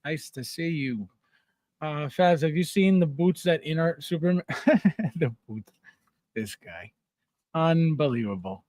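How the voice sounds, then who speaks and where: A man hosts a casual livestream in a slightly high, expressive, somewhat mellow voice, speaking a bit slowly in a dry, studio-quality recording. He reads comments from viewers aloud, laughing often and repeating words for comic effect.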